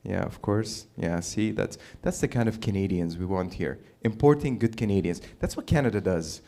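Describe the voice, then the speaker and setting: A man's voice: on the low side, normal speed, mellow. A man from the Middle East hosting an open mic, doing a brash, rambling stand-up set with swearing, in a small comedy venue on a stage mic. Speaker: comedy host.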